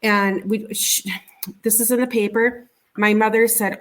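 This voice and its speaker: A middle-aged woman, an interview guest, recounting a personal experience in a conversational, halting way, often repeating words and restarting her sentences. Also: on the high side, little pitch movement. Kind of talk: conversational storytelling.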